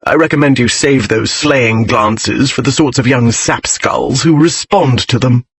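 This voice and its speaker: A man's voice: medium pitch, unhurried, a little hiss or hum, lightly acted. A man voicing a grim aristocratic English lord who speaks in a bored, dry and scornful way, in an audiobook reading.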